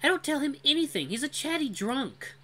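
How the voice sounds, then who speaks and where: A clever young female wolf from a fantasy audio story, with a high, bright voice, played by the reader. She sounds sharp and sassy, quick to answer back. The reading is lively and expressive.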